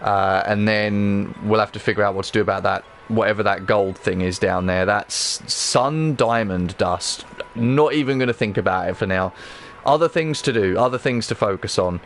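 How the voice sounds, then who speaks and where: A man streaming himself playing a game, chatting casually to viewers with rambling, excitable talk and frequent swearing. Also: lowish voice, normal speed, a little hiss or hum. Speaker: livestreamer. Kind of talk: casual gameplay livestream chat.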